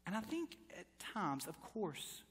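A man's voice: sits high, very animated, a little slow, fairly bright tone. A man in his thirties preaching a sermon as pastor, telling stories and building to emphatic appeals. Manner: storytelling with acted quotes, rising to emphatic preaching. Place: church sanctuary. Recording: long church reverb.

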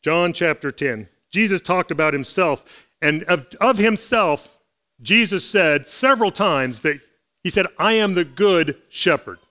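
A man's voice: sits high, expressive, measured pace, sharp tone. A man preaching a Sunday sermon in church, talking earnestly and conversationally as he reads and explains scripture. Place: church service.

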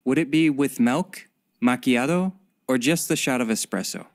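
A narrator of a recorded language lesson, giving clear, even scripted translations. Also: medium pitch, moderate pace.

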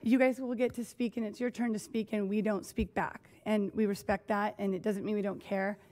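A woman's voice: mid-range voice, level tone, brisk, darkish tone. A woman school board member giving an earnest, emotional report at a public board meeting, close to tears.

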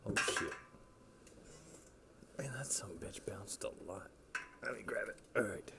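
A man's voice: on the low side, measured pace, creaky, in a whisper. A man streaming a game, chatting casually, rambling and swearing as he plays. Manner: rambling, swears, talks to himself while playing. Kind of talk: casual live-stream chat.

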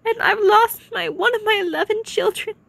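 A woman's voice: very high-pitched, normal speed, gravelly, a bit bright, no echo, heavily acted. A woman playing a frantic, pleading mother. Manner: panicked, pleading, breathless rush. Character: frantic mother searching for her lost son. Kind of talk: amateur cartoon voice acting.

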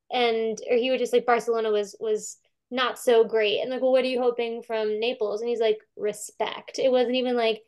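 A woman with a clean, higher-pitched voice chats casually about a film over a video call. She's a curator, and her talk is full of fillers and restarts as she acts out quotes.

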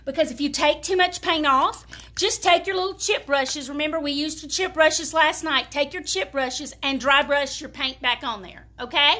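She talks at normal speed in a high-pitched, steady voice with a sharp edge. Hailing from the American South and speaking with a Southern US accent, she gives a folksy, chatty live furniture-painting demonstration aimed straight at her viewers.

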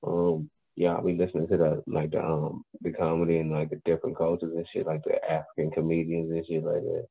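A man co-hosting a podcast, talking in a relaxed, slangy drawl that trails off mid-thought. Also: very deep voice, brisk, creaky, breathy edge, no room sound. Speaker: podcast co-host. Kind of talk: casual podcast chat. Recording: tinny phone-like dry sound.

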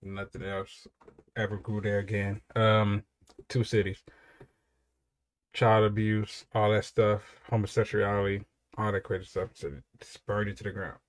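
A man's voice: fairly low pitch, completely flat delivery, measured pace. A young man giving casual, rambling commentary while reacting to music, with frequent repeated praise.

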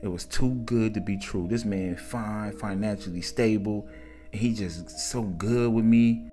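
A man's voice: fairly low pitch, steady tone, unhurried, soft background music, lightly acted. A man voicing a shy, self-doubting mother. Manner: soft, hesitant, self-doubting. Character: shy insecure mother of four, woman in her thirties.

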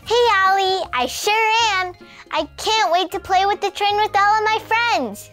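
A performer voicing a cheerful young girl puppet who hosts a children's church show, speaking in a bubbly, slow, exaggerated way for small children. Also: extremely high pitch, sharp tone, faint music behind, full character voice.

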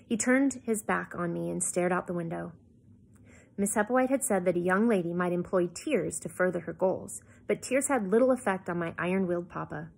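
A woman reading a novel aloud in an expressive way, with small slips and asides. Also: lowish voice, fairly quick, vocal fry. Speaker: reader.

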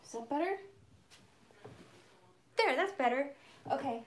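High-voiced, chatty mom vlogger. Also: female voice, moderate pace, a little hiss or hum. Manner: chatty, excitable, frank. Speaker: purse vlogger. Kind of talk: casual live-stream chat. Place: at home, in a garden shed. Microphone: phone camera.

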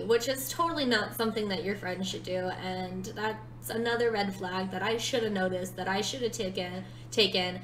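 A woman's voice: mid-range voice, a bit bright, echoey room, slight background noise, low-quality recording. A woman in her twenties telling a personal story in a casual vlog, chatty and full of fillers. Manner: chatty, many "like" fillers, dramatic retelling. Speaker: storytime vlogger.

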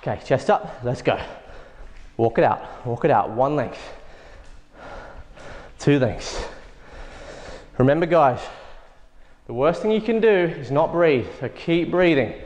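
Breathless guy coaching a workout, kinda high voice, long echoey reverb. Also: lively intonation, takes it slowly, long pauses, a little mellow, a little hiss or hum. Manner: encouraging, counts reps aloud while exercising. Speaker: fitness instructor.

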